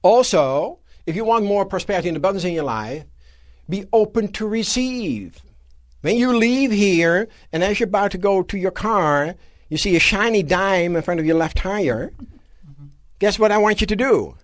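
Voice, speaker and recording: Man, seminar speaker, animated rhetorical questions, very lively pitch, live audience room. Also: moderate pace, no room sound, clean studio sound. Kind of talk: live motivational seminar lecture.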